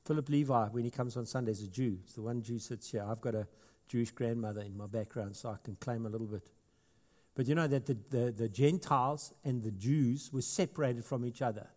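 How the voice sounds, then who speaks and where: A South African man preaches to his congregation in an easy, conversational way that swells into emphatic stretches. His voice sits at an ordinary middle pitch. A long reverb trails behind him from the hall. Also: brisk, a little mellow. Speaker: pastor. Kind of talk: sermon.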